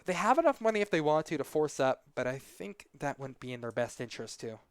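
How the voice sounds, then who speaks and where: A man's voice: mid-range voice, clear, resonant tone, dry recording. A man doing live esports play-by-play commentary, conversational and analytical, with casual asides between calls.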